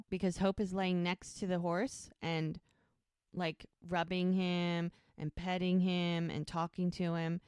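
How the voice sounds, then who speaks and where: Podcast co-host, a woman with a lower voice, chatty episode recapper, dry close sound. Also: a little slow, smooth, no room sound. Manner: animated retelling, brief quoted character voices. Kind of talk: casual chat, retelling scenes.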